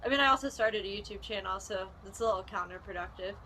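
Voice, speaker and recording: Bright-voiced chatty young woman. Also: medium pitch, fast. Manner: chatty, sarcastic, lots of "like". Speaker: vlogger. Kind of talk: casual storytime.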